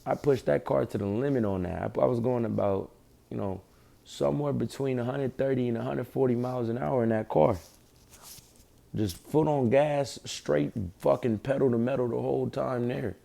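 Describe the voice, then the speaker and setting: A man's voice: mid-range voice, steady tone, normal speed, gravelly, dark tone. A young man giving a casual, profane religious lesson, telling a personal story in street slang. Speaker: online preacher.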